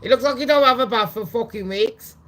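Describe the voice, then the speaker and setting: A woman hosting a casual commentary vlog, talking bluntly and profanely in a chatty way, with loud excited bursts. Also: a little high, a little fast. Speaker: channel host.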